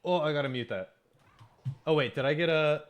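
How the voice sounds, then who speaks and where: A man's voice: fairly high pitch, fairly quick. A young man streaming a game, chatting and joking casually with his viewers, swearing freely. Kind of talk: casual live-stream chat.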